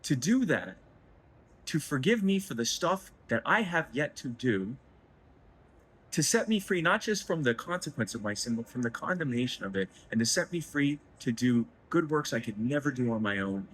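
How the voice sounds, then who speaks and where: Interviewed as a guest in an indoor festival booth, the head of a liberty organization talks through his faith with deep emotion at a normal speed. His slightly rough voice rambles, turns self-deprecating, and leaps upward when he gets excited, all captured in a low-quality recording.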